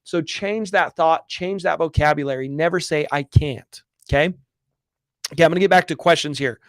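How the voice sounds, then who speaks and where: An earnest man coaching his audience on a live stream, his voice sitting a little higher than most men's. He talks emphatically and hammers key phrases again and again. The sound is close and dry, with no room around it. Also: normal speed, a bit bright, no echo. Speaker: real estate coach hosting a live Q&A. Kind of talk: motivational live-stream talk.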